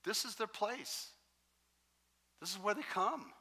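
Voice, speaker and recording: A man preaching a sermon as pastor, telling stories in a lively, joking way. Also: high voice, slow pace, slightly rough. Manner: animated, jokey storytelling. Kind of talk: sermon with storytelling. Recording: long reverb in a large hall.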